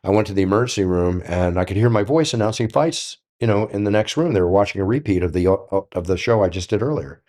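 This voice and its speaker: An older man telling stories on a podcast in a casual, animated way, acting out the dialogue. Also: fairly low pitch, quick pace, hardly any pauses. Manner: animated, acts out quoted dialogue. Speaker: guest storyteller.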